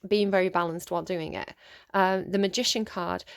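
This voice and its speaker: A woman's voice: lowish voice, fairly even intonation, moderate pace, gravelly, clean tone, dry recording, clean studio sound. A woman giving a casual tarot reading. She rambles, with lots of fillers and sighs. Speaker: tarot reader.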